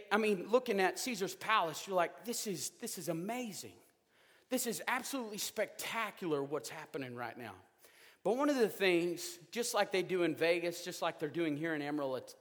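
Man, high bright voice, lively joking sermon style, echoing church hall. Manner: animated, joking, rising to loud outbursts. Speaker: preacher. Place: church sanctuary.

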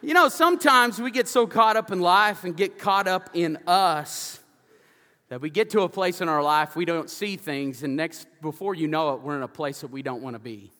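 Pastor, male, high bright voice, lively storytelling sermon, church hall reverb. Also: moderate pace. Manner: energetic storytelling preaching, loud and animated. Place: church sanctuary.

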